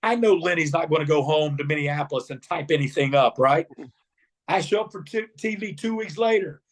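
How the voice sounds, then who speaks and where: Speaking briskly at a fairly high pitch, a former wrestler in middle age tells interview stories. He acts out the voices of the people involved, animated throughout.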